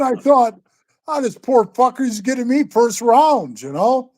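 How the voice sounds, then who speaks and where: A man's voice: very high voice, measured pace. An older man in his sixties spins tall stories in a loose, casual chat. He swears freely and keeps calling the listener bro and man. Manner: profane, animated, says bro and man a lot. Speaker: guest storyteller. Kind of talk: casual storytelling.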